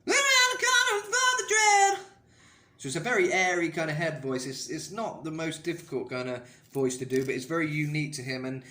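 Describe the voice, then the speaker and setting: A man's voice: on the high side, fast, few pauses, a bit bright, roomy sound. A man coaching singing in a casual, rambling way, full of "kind of" and filler sounds. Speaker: vocal coach. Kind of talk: casual singing tutorial talk.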